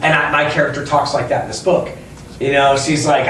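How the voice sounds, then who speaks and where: A man who owns a bookstore, chatting casually in an interview, rambling and animated as he tells stories. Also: a little high, a little fast, a little hiss or hum. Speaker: bookstore owner and author. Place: inside his bookstore. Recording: echoey room, mic at a distance.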